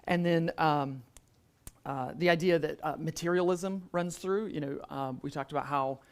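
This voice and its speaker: A man's voice: fairly high pitch, normal speed. A man moderating an adult church class, talking conversationally with many fillers and restarts and quizzing the group. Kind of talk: adult Sunday school class teaching.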